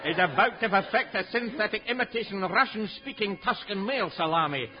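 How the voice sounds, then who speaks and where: An actor playing a dour police inspector in a 1950s radio comedy, terse with growling grunts. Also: male voice, sits high, lively intonation, brisk, background noise. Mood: deadpan. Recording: dull old radio recording.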